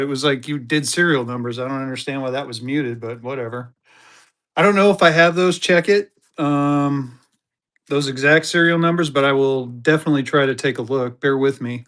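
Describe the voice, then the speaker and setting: High-voiced man hosting a live auction. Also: fairly bright tone. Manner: hypes bidders, greets viewers by name. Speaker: live-stream auction host. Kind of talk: live-stream selling chat.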